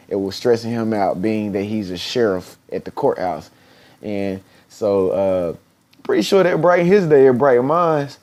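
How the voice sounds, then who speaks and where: A man giving an earnest motivational talk in a vlog, repeating phrases for emphasis and now and then putting on high, squeaky voices for people he quotes. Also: darkish tone. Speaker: motivational speaker.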